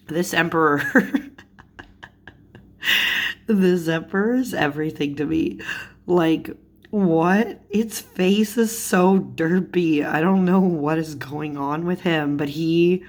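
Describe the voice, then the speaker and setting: Young woman, low voice, unhurried, amused and giggly chat for a tarot vlog. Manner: giggly and amused, laughs often mid-sentence. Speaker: tarot video creator. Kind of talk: casual chat showing tarot cards.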